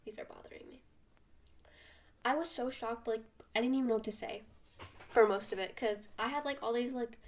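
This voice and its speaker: A teenage girl telling a school drama story in a casual vlog, animated and venting with lots of fillers. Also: a little high, fairly quick, a little hiss or hum. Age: teens. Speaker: vlogger.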